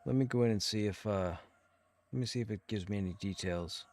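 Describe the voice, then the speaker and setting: A man's voice: lowish voice, brisk, darkish tone. A man streaming a game, chatting casually and musing aloud while reading chat questions.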